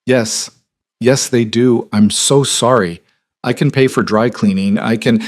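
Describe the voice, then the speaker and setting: A man's voice: medium pitch, measured pace, no room sound, studio quality, close to an everyday voice. A man voicing a frightened young waitress who stammers through her apologies. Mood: flustered.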